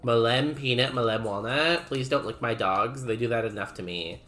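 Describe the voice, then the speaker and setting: A man's voice: mid-range voice, normal speed, pushed and bright, soft background music. A man streaming a game, chatting casually and rambling while he reads messages from chat aloud.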